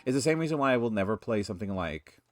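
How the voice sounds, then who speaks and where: A man's voice: lowish voice, animated, fast talker, soft background music. A man giving casual gameplay commentary, rambling and ranting in exasperation. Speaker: let's play commentator.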